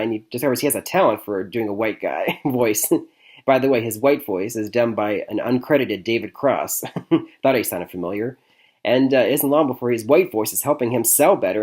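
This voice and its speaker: A man's voice: mid-range voice, darkish tone, slightly rough. A young man from Michigan giving a casual spoken movie review, rambling with many fillers and restarts and chuckling often. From Michigan, USA.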